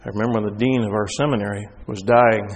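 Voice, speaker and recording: A man preaching a sermon in an animated way, voice climbing loud at high points and dropping soft for stories. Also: fast talker. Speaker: pastor. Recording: reverberant hall.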